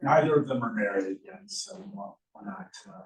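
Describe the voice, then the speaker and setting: A man in his fifties in relaxed casual chat. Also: medium pitch, normal speed, gravelly. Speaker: workshop attendee. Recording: roomy echo, distant mic.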